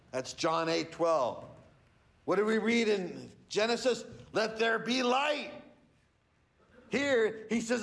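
A man's voice: high voice, animated, slow, vocal fry, pauses often, fairly bright tone. A male pastor preaching a sermon to his church, teaching in an emphatic way and stressing key words.

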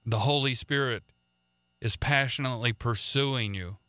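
Radio preacher guy, earnest, stumbles and repeats himself, smooth clear voice. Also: mid-range voice, normal speed, pushed and bright, no room sound. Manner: earnest, repeats words and restarts often. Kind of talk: radio sermon.

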